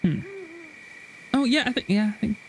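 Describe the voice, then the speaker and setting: A man's voice: very high voice, normal speed, vocal fry, a little hiss or hum. A man streaming a game, chatting casually and reading a game guide aloud with frequent restarts. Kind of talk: casual gameplay stream chat.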